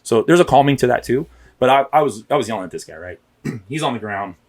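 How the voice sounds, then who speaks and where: A man's voice: mid-range voice, lively intonation, fast, a little mellow. A man, a police officer, telling his story candidly and emphatically in a casual podcast interview, often checking in with "right?". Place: podcast studio.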